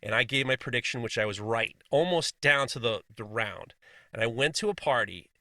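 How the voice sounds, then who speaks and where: A man's voice: mid-range voice, lively intonation, fairly quick, sharp tone, no echo, clean studio sound. A man co-hosting a casual podcast, reading listener messages aloud with frequent laughs and blunt, swearing asides.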